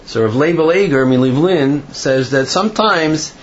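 A man's voice: a little high, animated, moderate pace. A man teaching an informal Torah class, talking in a chatty storytelling way with fillers. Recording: dull lo-fi recording with faint noise.

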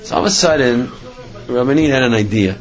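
A man's voice: medium pitch, expressive, brisk, highs cut off. A man giving a religious storytelling talk, rambling with many restarts and filler phrases. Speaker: religious speaker.

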